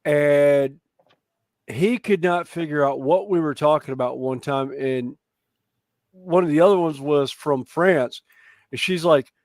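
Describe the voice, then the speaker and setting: A Southern-accented man in his thirties chats loosely, circling back on his words and restarting his sentences. His voice sits a little high for a man. The recording is dry and close, with no room around it. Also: a little slow, a little mellow, no room sound. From North Carolina, USA. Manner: rambling and chatty, with frequent restarts and laughs. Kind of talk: casual chat.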